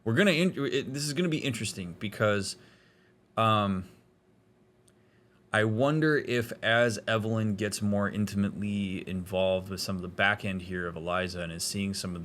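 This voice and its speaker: A therapist giving let's-play commentary in a reflective, analytical way, with casual fillers. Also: male voice, low-pitched, a bit bright, slight background noise. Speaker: therapist playing a game.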